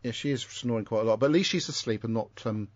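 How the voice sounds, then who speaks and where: A man's voice: medium pitch, quick pace, a little hiss or hum. A man with a southern English accent hosting a podcast in a rambling, self-correcting chat. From Isle of Wight. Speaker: podcast host. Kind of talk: casual chat. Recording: dull lo-fi home recording.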